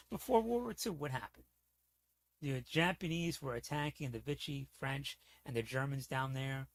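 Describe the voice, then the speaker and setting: A man streaming, ranting in a heated, profane, rambling way, often asking "you know what I'm saying". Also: mid-range voice. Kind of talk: casual livestream rant.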